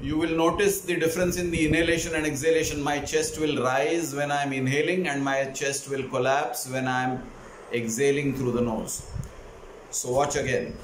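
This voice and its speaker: Man, breathing instructor, calm explanatory manner, roomy echo, faint background hiss. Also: on the high side, normal speed. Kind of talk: instructional demonstration. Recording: echoey room, faint noise.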